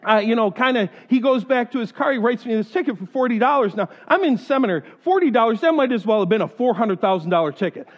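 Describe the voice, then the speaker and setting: A man preaching a sermon who tells personal stories in an animated way and acts out other people's voices. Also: very high voice. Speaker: pastor. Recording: dull sound in a reverberant hall.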